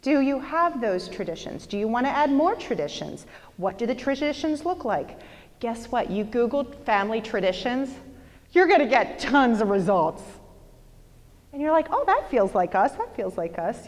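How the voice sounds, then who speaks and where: Chatty woman leading a seminar in a hall. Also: high voice. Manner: lively, chatty, asks the audience questions. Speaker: workshop presenter. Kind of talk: motivational seminar talk. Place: lecture hall with an audience.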